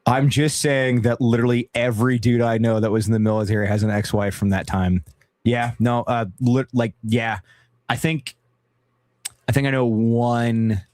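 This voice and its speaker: Laughing and swearing through lively banter, a young man runs a casual live stream at a moderate pace in a medium-pitched voice.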